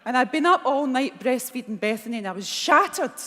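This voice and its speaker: A middle-aged Scottish woman giving a keynote speech, telling blunt, animated stories and acting out the dialogue. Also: high-pitched, a little fast. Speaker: keynote speaker. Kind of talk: motivational keynote storytelling. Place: large conference hall. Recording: long hall reverb.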